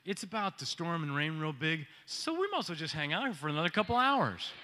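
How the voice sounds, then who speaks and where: A man's voice: on the high side, a little fast, background noise. A man preaching a sermon as pastor, joking with the congregation and asking them questions. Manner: joking, animated preaching with audience call-outs.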